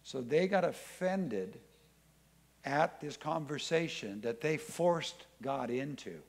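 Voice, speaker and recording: A man's voice: fairly high pitch, animated, slow. A man preaching a sermon in church, reading scripture aloud and acting out the voices in it with emphasis. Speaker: pastor.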